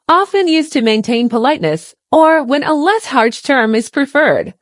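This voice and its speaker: A woman narrating a scripted English lesson in a clear, explanatory way, acting out example phrases. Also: on the high side, no room sound, clean studio sound. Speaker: English teacher.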